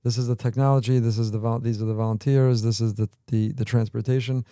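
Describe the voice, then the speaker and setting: Male rabbi host, mellow, probing interviewer, dry sound. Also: mid-range voice, fairly even intonation, fast, no room sound. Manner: probing, pressing questions. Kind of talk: casual interview talk.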